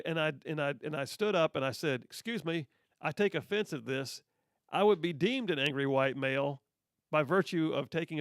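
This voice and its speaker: A man's voice: a little high, no room sound. A male radio host reading news stories aloud with sarcastic, teasing asides to his listeners, recorded on a studio microphone. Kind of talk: conservative talk radio commentary.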